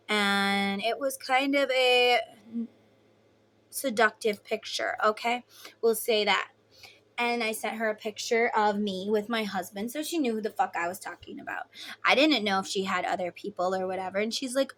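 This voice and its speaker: A woman giving a casual tarot reading, blunt and swearing freely, acting out quoted voices loudly. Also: on the high side, moderate pace. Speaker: tarot reader.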